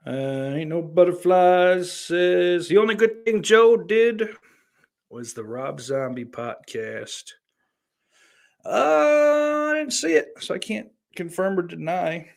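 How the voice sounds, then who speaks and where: This New York man speaks slowly in a high register, with lively intonation and vocal fry. Hosting his podcast in a Southern accent, he reads out listener comments and goes off on profane, sardonic, rambling tangents.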